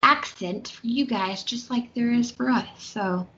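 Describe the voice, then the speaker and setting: A woman's voice: a little high, measured pace, fairly bright tone. A woman with a Southern American accent, co-hosting a podcast in casual, chatty talk with many fillers. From Southern United States. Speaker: podcast co-host. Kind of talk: casual chat. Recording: slightly dull lo-fi audio.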